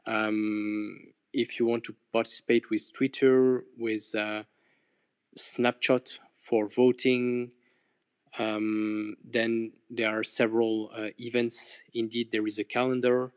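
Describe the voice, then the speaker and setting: A man with a smooth, resonant voice speaks slowly and evenly, explaining step by step with many pauses and fillers. The sound is dry. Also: mid-range voice, little pitch movement, no echo. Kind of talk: casual audio chat room talk.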